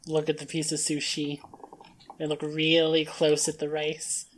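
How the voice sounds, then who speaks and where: A woman's voice: low-pitched, monotone, a little slow, a little hiss or hum. A woman playing a tabletop game, speaking in character with hesitant restarts and easy amusement. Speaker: player.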